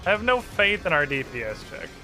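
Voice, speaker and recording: A male streamer talks in a high, animated voice with a bright, edgy tone. He is excitable and swears casually as he plays. Faint music runs in the background. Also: brisk. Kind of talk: casual game streaming chat.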